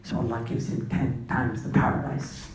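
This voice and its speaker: A man's voice: mid-range voice, completely flat delivery, normal speed, darkish tone, echoey room, a little hiss or hum. A man preaching an impassioned street sermon, talking straight to the young men listening as brothers and slipping into slang. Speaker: Islamic preacher.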